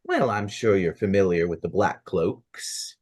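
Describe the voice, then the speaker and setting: A man's voice: deep voice, a little slow, a little mellow, husky, no echo, clean studio sound. A man doing a smug drawling cowboy gunslinger.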